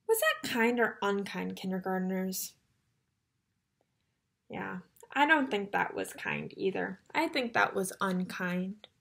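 A woman teacher reading a picture book aloud to young children, animated, gasping and asking them questions. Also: medium pitch, slow, vocal fry, long pauses. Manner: animated storyteller, gasps, asks the children questions.

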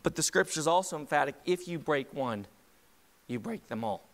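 A man preaches to his congregation in a loose, conversational way, often turning to ask them questions directly. His voice sits a little high for a man. The sound rings out with a long reverb from the church hall around him. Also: animated, fairly quick. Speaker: pastor. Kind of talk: sermon. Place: church sanctuary.

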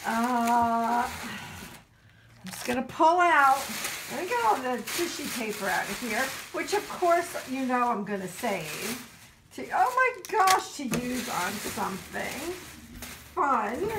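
A woman from New Jersey chatting casually to her camera as she unboxes craft supplies, gushing and excited, with lots of fillers. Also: a little high, slow, background noise. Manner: gushing and excitable, full of exclamations. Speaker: craft vlogger.

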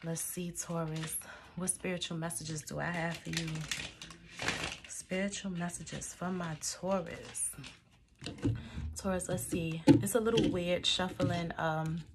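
A woman's voice: fairly low pitch, steady tone, measured pace, heavy background noise. A young woman doing a casual tarot reading, chatty and laughing, swearing now and then, recorded on a phone camera in a dim room. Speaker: tarot reader.

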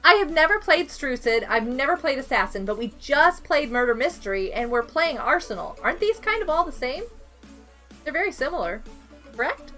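Streamer: high, bright, lively woman, giggly and excitable, game music underneath. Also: a little fast. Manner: excitable, giggly, talks to chat. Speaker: live streamer. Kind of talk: casual gaming live stream chat.

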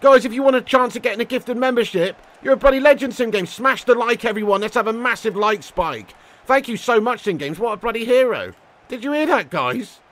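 A man's voice: very high-pitched, lively intonation, fairly quick, a bit bright. A young man streaming a football video game, chatting cheekily with viewers, swearing and calling them mate and legend. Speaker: gaming live streamer. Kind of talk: casual live-stream banter while playing.

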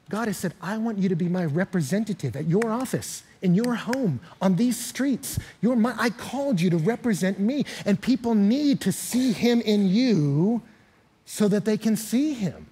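Pastor, male, animated storytelling sermon delivery, raspy tone. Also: high-pitched, normal speed. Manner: animated, storytelling preacher who often laughs.

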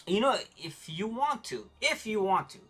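A woman streaming a game, chatting casually with viewers in an animated way, quick to get frustrated. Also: slightly rough. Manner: voice jumps high when excited.

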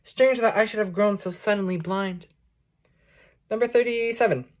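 A woman reading a collection of poems aloud in a slow, measured recitation. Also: mid-range voice, darkish tone. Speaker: poetry reader. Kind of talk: poetry audiobook reading.

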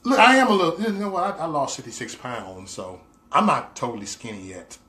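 A man's voice: on the high side, animated, brisk, bright, forceful tone. Playful, teasing man on a livestream. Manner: playful and teasing, laughs often; loose, repetitive talk with slang fillers. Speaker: livestream host. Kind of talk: casual livestream chat reading viewer comments.

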